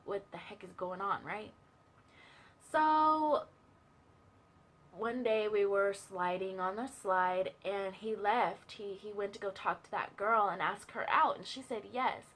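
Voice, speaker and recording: A woman's voice: mid-range voice, takes it slowly, a bit bright. Young woman, chatty, casual storytelling, fillers, asides, personal testimony. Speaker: vlogger sharing a testimony.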